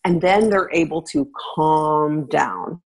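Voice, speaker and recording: A woman, a former teacher, giving parenting advice in relaxed conversation, laughing now and then. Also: takes it slowly, slightly rough. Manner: animated, laughs, acts out quotes with pitch jumps.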